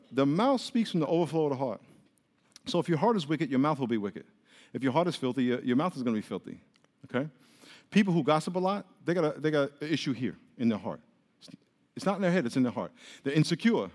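A man preaching a sermon as pastor, lively, often acting out quoted voices. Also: medium pitch, fast talker. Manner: animated, acts out quoted voices. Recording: long reverb of a large hall.

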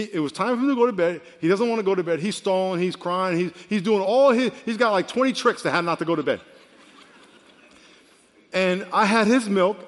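Male pastor, 50s, fairly high voice, lively sermon storytelling, long church-hall reverb. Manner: animated storytelling, swings from quiet to loud.

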